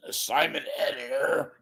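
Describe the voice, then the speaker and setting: A hoarse man delivering a sarcastic ranting monologue as a commentator. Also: mid-range voice, pushed and bright.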